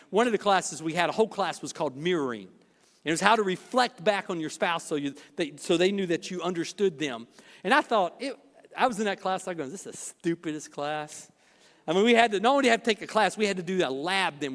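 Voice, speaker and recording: A middle-aged man, a pastor preaching a sermon, telling stories with self-deprecating humor and acting out dialogue. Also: high voice. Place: church sanctuary. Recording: reverberant church hall.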